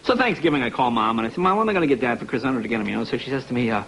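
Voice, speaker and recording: A man's voice: medium pitch, lively intonation, very fast, a bit bright, slight background noise, rough recording. A middle-aged man, a talk show guest, telling a comic story and acting out his parents' voices in a TV studio. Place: TV studio with live audience.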